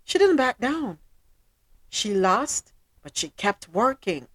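A woman leads a casual panel chat with a lifted pitch that swoops up and down expressively. She is emphatic and preachy, repeating lines for weight. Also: big pitch swings, slow, fairly bright tone, breathy edge. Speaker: podcast co-host.

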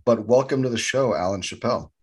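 A man's voice: mid-range voice, brisk, husky. A man co-hosting a podcast, upbeat and enthusiastic in casual chat. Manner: upbeat, enthusiastic, says fantastic a lot. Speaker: podcast co-host.

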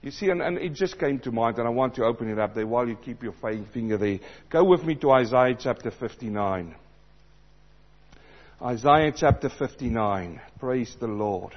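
A man preaching a sermon, swinging between loud emphatic passages and low, quiet asides. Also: expressive, moderate pace, dull audio.

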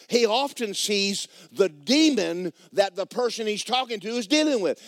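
A man preaching in a church, telling a story and acting out the people in it with sudden loud bursts. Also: no echo, clean studio sound. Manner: animated, acts out quotes with sudden loud high bursts. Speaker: pastor. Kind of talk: sermon storytelling. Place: church sanctuary.

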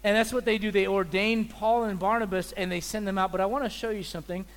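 A man preaching a sermon as pastor, telling animated stories and acting out the people in them. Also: high voice, quick pace. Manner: animated storyteller, acts out people's voices. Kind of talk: sermon with storytelling.

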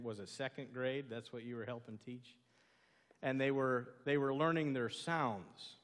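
A man with a Southern American accent preaching a sermon as a pastor, telling stories and asking the congregation questions. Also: medium pitch. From southern United States. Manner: storytelling, conversational, asks the congregation questions. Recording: long hall reverb.

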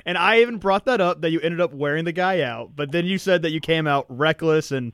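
Male co-host, fairly high voice, close and dry, casual chat. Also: a little fast, a bit bright, dry recording. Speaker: podcast co-host.

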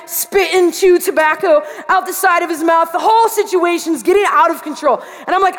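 A woman pastor preaching a sermon to students, telling a story with animated delivery and acting out her own panic. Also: high-pitched, normal speed. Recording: long reverb of a large hall.

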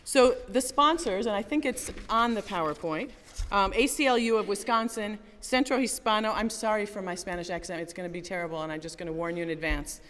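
A woman's voice: mid-range voice, brisk, fairly bright tone, big-room sound. A woman giving an earnest public speech at a community rally, building her points in rhythmic lists.

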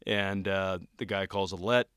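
Smooth-voiced male interview host. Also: low voice, steady tone, a little slow, a bit bright, no room sound, clean studio sound. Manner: rambling questions, many fillers. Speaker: tennis coach, interview host.

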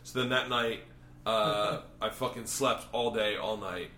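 A man's voice: fairly low pitch, fairly even intonation, unhurried, pushed and bright, echoey room, a little hiss or hum. A man telling a long, profane story casually in a hotel room, laughing often and acting out the people he quotes. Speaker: podcast host and comedian.

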